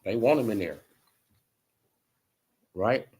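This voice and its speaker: His voice is lowish, slow, and slightly rough as this boxing commentary vlogger rants casually with his opinions. Slang and fillers like "bro" and "you know" pepper the talk, which turns animated and mocking in the back half.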